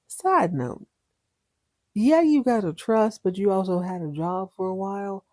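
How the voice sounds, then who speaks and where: A woman in her thirties recaps a soap opera on her podcast with playful sarcasm and chatty digressions. Her voice is mellow and dark-toned, recorded dry and close. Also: medium pitch, lively intonation, unhurried, no room sound. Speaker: podcast host.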